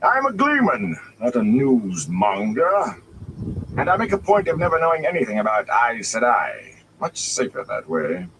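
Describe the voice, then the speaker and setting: A man voicing a grand, scornful old traveling bard with a theatrical, dry and mocking manner, over steady background noise. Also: medium pitch, moderate pace, voice pushed up, rough recording. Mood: gruff.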